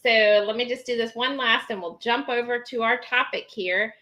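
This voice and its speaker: A woman's voice: a little high, normal speed, pushed and bright, low-quality recording. A woman hosting a casual live stream, chatting and reading viewer comments aloud with many ums.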